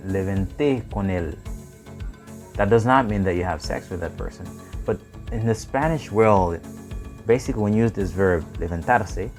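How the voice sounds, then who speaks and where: A man teaching a live lesson on language and prosody, switching between languages and pausing often with fillers. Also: low voice, darkish tone.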